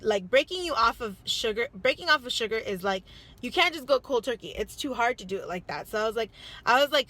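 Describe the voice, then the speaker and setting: A woman's voice: fairly high pitch, sharp tone. A young woman telling a story in a casual confessional vlog, chatty and full of "like" and "you know", blunt and swearing as she gets heated. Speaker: vlogger.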